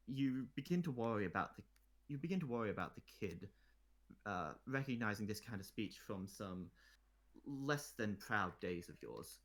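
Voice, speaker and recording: A man's voice: on the low side, lively intonation, normal speed. A man narrating a tabletop role-play in the second person, often restarting and repeating phrases.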